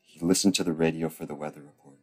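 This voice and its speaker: Deep-voiced man with a deadpan parody reading. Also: quick pace. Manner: deadpan with crude ad-libs. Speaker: comic reader.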